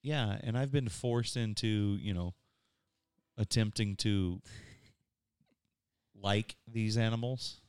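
A man's voice: on the low side, slow, pauses often, darkish tone, clean tone, dry recording. A man telling a story in casual chat, dramatic and indignant.

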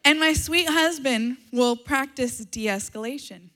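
A woman pastor preaching a sermon in a fairly high voice. She teaches in a measured, earnest way and slips in dry humor. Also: pushed and bright.

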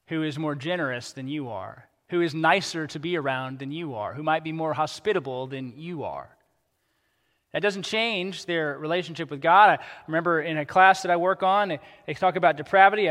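A man preaching a sermon as pastor, animated and acting out the characters he quotes. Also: on the high side, big-room sound.

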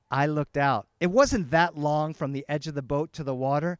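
A man telling a family story to a live audience, animated and switching between English and Spanish. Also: fairly high pitch, moderate pace, hardly any pauses, clean tone, no room sound, studio quality. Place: outdoor garden festival.

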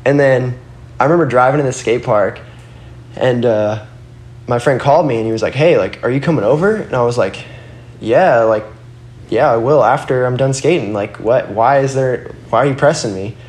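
A man's voice: mid-range voice, moderate pace, a little mellow. A young man and guest skateboarder telling loose, rambling stories in casual chat, swearing and saying "like" a lot. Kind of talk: casual storytelling. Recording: roomy echo.

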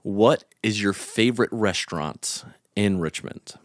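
Low-voiced playful man hosting a podcast. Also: unhurried, no echo, clean studio sound. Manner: playful, teasing. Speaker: podcast host. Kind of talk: casual interview.

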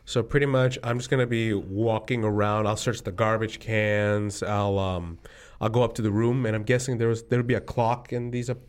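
A man's voice: on the low side, level tone, normal speed, few pauses, clear, resonant tone. A man playing a tabletop role-playing game, laying out his character's plans in a laid-back, rambling way. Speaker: player. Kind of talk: casual tabletop game talk.

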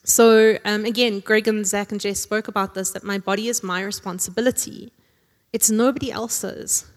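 A woman's voice: mid-range voice, steady tone, moderate pace. Woman preacher, casual conversational sermon with jokey asides, long hall reverb. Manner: conversational, tag questions, jokey asides with laughs.

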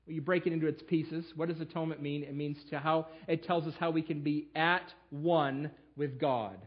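A man's voice: on the high side, steady tone, moderate pace, dull audio. A man preaching a sermon to his church, telling history with emphatic storytelling. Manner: emphatic storytelling, fillers and restarts. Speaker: pastor. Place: church sanctuary.

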